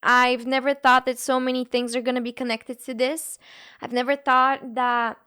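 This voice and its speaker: A young woman from Bulgaria, a live streamer, talking to her chat in a halting, earnest and emotional way. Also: high voice, level tone, pushed and bright, clear, resonant tone.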